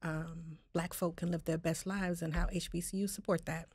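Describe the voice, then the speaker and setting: A woman co-hosting a talk show asks probing questions and chats in a relaxed, engaged way. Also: on the low side, moderate pace, slightly rough, dry recording. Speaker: co-host. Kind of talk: casual discussion.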